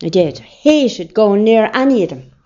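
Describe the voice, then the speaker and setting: A woman's voice: mid-range voice, animated, a little slow, dark tone. An older woman with an Irish accent, telling rambling family stories in an interview. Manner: rambling, anecdotal storytelling. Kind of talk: oral history reminiscence. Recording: dull lo-fi recording.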